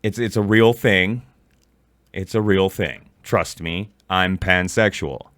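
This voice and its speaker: A man's voice: sits low, slow pace, fairly bright tone, dry recording. An adult man ranting angrily in a profane reaction commentary, recorded close on a mic. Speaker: commentary YouTuber.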